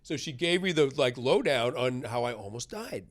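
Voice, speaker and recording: A man's voice: mid-range voice, very animated, moderate pace. A middle-aged man from the United States, a guest author telling a personal story in a candid interview, talking conversationally and often adding "right?". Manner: conversational, tag questions, swings loud and soft.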